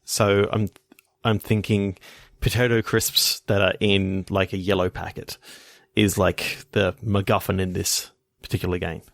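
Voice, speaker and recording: A man co-hosting a podcast, casually pitching story ideas in loose, halting phrases. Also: little pitch movement, vocal fry, dry recording, studio quality. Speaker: podcast co-host. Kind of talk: casual brainstorming chat.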